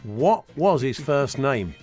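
A man's voice: mid-range voice, very animated, slow, a little mellow, soft background music. A man hosting a podcast, quizzing his co-host in casual chat with lots of hesitations. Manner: chatty, hesitant with many uhs.

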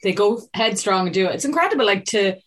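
A woman's voice: mid-range voice, lively intonation, quick pace. An Irish woman hosting a casual interview, teasing her guest and laughing often. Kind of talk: casual chat.

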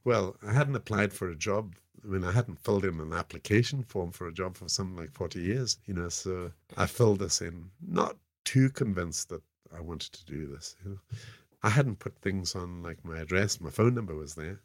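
A man's voice: deep voice, normal speed, no room sound, clean studio sound. An older man with a South African accent, telling stories as a podcast guest in a rambling way. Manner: rambling, frequent "you know" fillers. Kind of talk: casual anecdotal storytelling.

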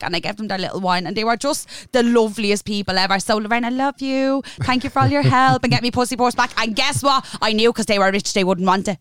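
A woman with a Dublin accent, co-hosting a casual podcast chat and telling an animated story. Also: mid-range voice, clear, resonant tone, dry recording, studio quality. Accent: Irish, Dublin. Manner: fast, animated storytelling with laughs. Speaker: podcast co-host.

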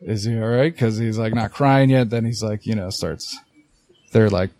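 A young man co-hosting a podcast, telling an animated story in casual chat and swearing a lot. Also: fairly low pitch, moderate pace. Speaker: podcast co-host.

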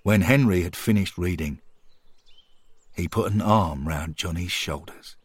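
A man narrating a scripted story in a calm, measured, earnest way. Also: sits low, husky, no echo. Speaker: podcast storyteller.

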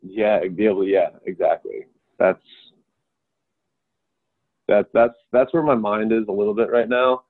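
A man's voice: on the low side, a little slow, long pauses, no room sound. A young man chatting as a podcast guest, rambling and self-deprecating, often stammering and restarting his sentences. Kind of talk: casual chat. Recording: tinny phone-like remote call line.

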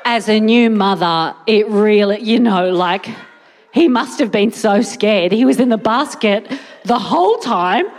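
A woman's voice: mid-range voice, expressive, unhurried. A woman doing rambling, self-mocking stand-up comedy on a theatre stage. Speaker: guest comedian. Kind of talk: stand-up set then chat. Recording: live hall, audience present.

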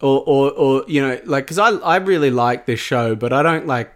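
A man's voice: medium pitch, normal speed. A man co-hosting a podcast, rambling in casual chat with lots of fillers and restarts. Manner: rambling, lots of "like" and restarts, laughs through stories. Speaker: podcast co-host.

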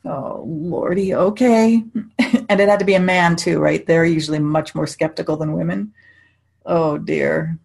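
A woman's voice: low-pitched, steady tone, measured pace, creaky, a little mellow, slightly rough. A middle-aged woman, a psychic medium, telling chatty stories in casual conversation, often laughing and restarting her sentences.

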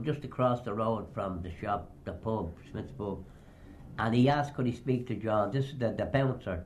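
An older man reminisces about old pranks in a rambling, anecdotal way. His pitch sits squarely in the ordinary male range, and he slips into the voices of the people he quotes. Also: a little mellow, a little hiss or hum. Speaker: storyteller. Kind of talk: oral history reminiscence.

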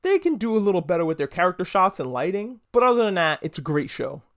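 A man's voice: sits high, very animated, quick pace, a bit bright. A man hosting a podcast, giving a casual, rambling solo review full of swearing and jokey asides. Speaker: podcast host reviewing a TV episode.

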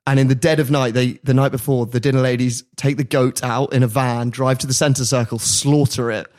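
A man's voice: mid-range voice, steady tone, a little fast, a little mellow. A man hosting a podcast, telling a story in casual chat and often laughing at his own asides. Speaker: podcast host.

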